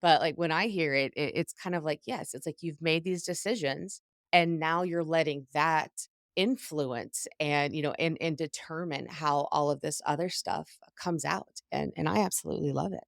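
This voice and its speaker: A woman's voice: low-pitched, normal speed, gravelly, no echo, clean studio sound. A woman hosting a podcast as a business coach, speaking in a reflective and encouraging way in casual conversation.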